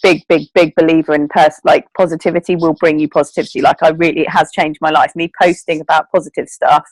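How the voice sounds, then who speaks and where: A woman's voice: sits low, level tone, fast, no room sound, rough recording. A woman, leading her team on a group video call, talking in a chatty, earnest way with plenty of fillers. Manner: chatty, earnest, emotional, with many fillers and laughs. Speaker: network marketing team leader.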